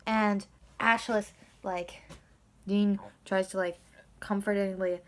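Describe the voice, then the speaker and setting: Rambling, animated woman vlogger. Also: medium pitch, slow pace. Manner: animated, swings between loud outbursts and whispers. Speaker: video blogger recapping a TV episode. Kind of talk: casual, rambling episode recap.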